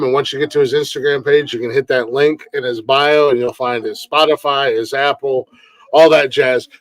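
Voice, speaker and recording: A man's voice: medium pitch, dry recording, low-quality recording. Profane, rambling male podcast host. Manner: profane, rambling with many fillers. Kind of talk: casual livestream chat. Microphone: desk mic on a live stream.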